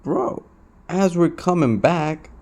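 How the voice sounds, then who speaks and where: Animated but slow, a young man with a fairly high, darkish voice confides in his camera. He's restless and emotional, swearing, repeating himself, and saying "bro" over and over in this confessional vlog.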